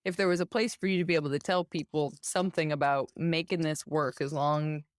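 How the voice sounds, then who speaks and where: A woman's voice: deep voice, steady tone, fairly quick, no echo, clean studio sound. Woman host asking long questions. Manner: thoughtful, talks through her questions at length. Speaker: podcast host. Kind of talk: casual interview.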